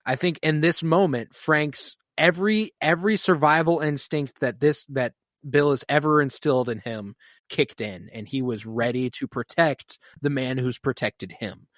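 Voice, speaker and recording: A man's voice: medium pitch, normal speed, fairly bright tone, no echo, studio quality. A man hosting a podcast, recapping a TV episode at length in an emotional, casual way and swearing freely. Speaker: podcast host. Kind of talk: casual show recap chat.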